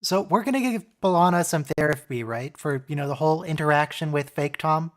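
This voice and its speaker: A man's voice: a little high, fairly quick. Dry-humored man hosting a watch-along. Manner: dry, counts down playback. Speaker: stream host. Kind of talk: casual watch-along chat. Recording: voice chat call.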